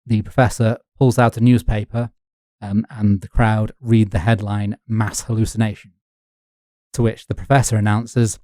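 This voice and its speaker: Wry man, mellow voice. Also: lowish voice, flat delivery, normal speed, dry recording. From north of England. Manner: wry, dry humour with frequent laughs. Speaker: podcast co-host. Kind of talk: casual history podcast chat.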